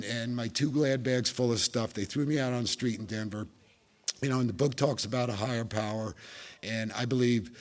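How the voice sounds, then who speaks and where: A middle-aged man from New Jersey with a New Jersey accent, telling his recovery story at a meeting with wry, self-mocking humor. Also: mid-range voice. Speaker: speaker sharing recovery story.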